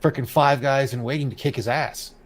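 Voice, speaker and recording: A man's voice: medium pitch, fairly even intonation, fairly quick, rough recording. A man hosting a casual podcast chat, ranting and reading out quotes with a sarcastic edge. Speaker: podcast host.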